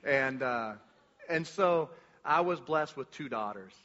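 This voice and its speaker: A man telling a personal story to a congregation, rambling and animated, with many restarts and fillers, acting out the lines he quotes. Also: mid-range voice, slow pace. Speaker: church speaker sharing a testimony. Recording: dull recording with long hall reverb.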